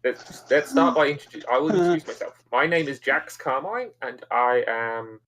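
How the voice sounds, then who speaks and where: Casting: man, tabletop player, earnest in-character talk, mid-pitched, faint hiss behind. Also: lively intonation, normal speed, fairly bright tone. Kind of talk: in-character tabletop role-play.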